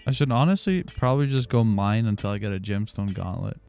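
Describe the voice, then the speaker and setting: A man's voice: lowish voice, a little fast, vocal fry, faint music behind. Foul-mouthed young man streaming gameplay. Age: 20s. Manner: crude, joking and profane, with sudden excited outbursts. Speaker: livestreamer. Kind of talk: casual gameplay commentary to a live chat.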